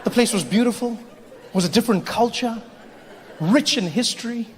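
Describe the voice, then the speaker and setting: A man performing a stand-up comedy set at a large live venue, playful and animated. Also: extremely high pitch, moderate pace, a little hiss or hum. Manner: animated, playful, slips into voices. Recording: echoey hall, crowd laughter.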